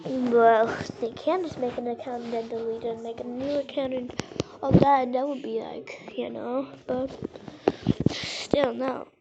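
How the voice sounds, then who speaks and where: A woman chatting casually over gameplay, rambling and halting with lots of fillers. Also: sits high, dull audio, heavy background noise. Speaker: game vlogger.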